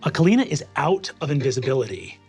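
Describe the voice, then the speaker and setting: A man running a tabletop game as game master, narrating quickly and vividly with bursts of energy. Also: fairly high pitch, very animated, darkish tone. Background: music.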